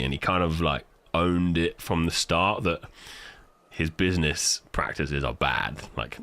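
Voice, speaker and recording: A British man streaming live, chatting casually and telling stories in a profane, animated way. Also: sits low, normal speed, no echo. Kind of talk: casual livestream chat.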